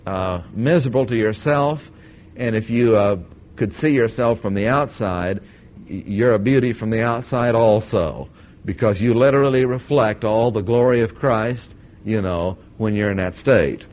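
A man preaching a sermon with emphatic repetition, swinging between loud stresses and quiet asides. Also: mid-range voice. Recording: dull lo-fi old tape recording.

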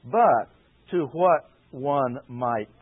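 A man preaching, giving a deliberate expository Bible lesson and repeating key phrases for emphasis. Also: mid-range voice, expressive, husky. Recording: tinny phone-like old radio recording.

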